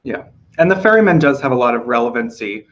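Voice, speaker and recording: Hoarse man chatting on a lo-fi recording. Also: medium pitch, sing-song, fast, a bit bright. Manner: chatty, loose, with filler ums. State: losing his voice, hoarse. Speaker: podcast host. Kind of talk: casual award predictions chat.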